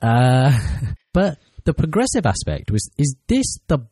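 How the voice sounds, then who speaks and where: A man co-hosting a casual podcast chat, animated and blunt, swearing casually. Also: mid-range voice, measured pace, slightly rough, no echo, studio quality. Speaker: podcast co-host. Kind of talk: casual chat about a TV serial.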